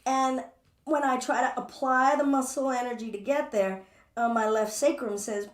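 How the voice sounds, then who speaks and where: A woman's voice: high voice, steady tone, moderate pace. A woman teaching a live yoga class, chatty and playful as she talks through her own movements. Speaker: yoga instructor. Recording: echoey room, distant mic.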